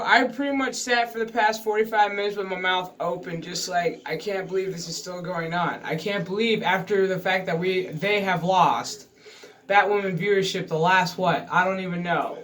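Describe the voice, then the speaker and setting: A man's voice: high-pitched, a bit bright. A man vlogging a casual, profane review of a TV episode, exasperated and swearing freely.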